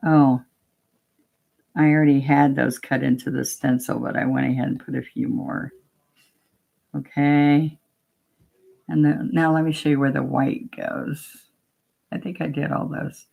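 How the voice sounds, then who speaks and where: A woman's voice: rumbling low, flat delivery, unhurried, creaky, pauses often, narrow, tinny audio. A woman teaching a painting demo, chatting casually step by step and talking to herself as she works. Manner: chatty, talks to herself while working, gently coaxing. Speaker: painting instructor.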